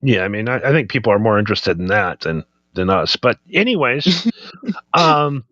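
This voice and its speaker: A man's voice: lowish voice, sing-song, moderate pace, fairly bright tone, no echo, lo-fi sound. A man co-hosting a casual podcast, trading jokes and banter. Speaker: podcast co-host. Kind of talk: casual stoner chat.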